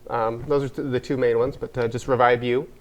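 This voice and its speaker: A man's voice: medium pitch, level tone, brisk. An American man, a wellness spa owner, talking earnestly in a casual interview, rambling with many fillers and restarts.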